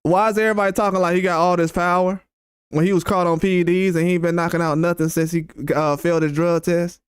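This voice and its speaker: A man's voice: high-pitched, little pitch movement, fast talker, clear, resonant tone, no room sound, clean studio sound. A man hosting a boxing channel, ranting bluntly and heatedly at his chat with repeated, profane jabs. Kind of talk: live-stream rant responding to chat.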